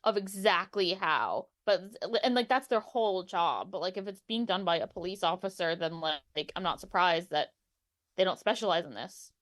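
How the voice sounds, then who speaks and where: A woman's voice: fairly low pitch, animated, normal speed, a bit bright, no echo, studio quality. A woman co-hosting a podcast, reacting in disbelief and adding her own comments. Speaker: podcast co-host. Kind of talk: casual true-crime podcast chat.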